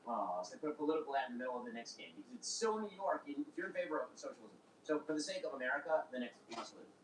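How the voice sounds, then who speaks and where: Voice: mid-range voice, lively intonation, racing. A commentator ranting indignantly and firing off rhetorical questions, heard as a played clip. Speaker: political commentator. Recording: echoey, distant, faint background noise.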